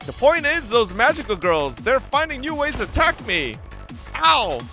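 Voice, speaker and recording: Animated high-voiced male streamer. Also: normal speed, faint music behind. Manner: animated, playful. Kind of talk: reading game dialogue aloud with voices.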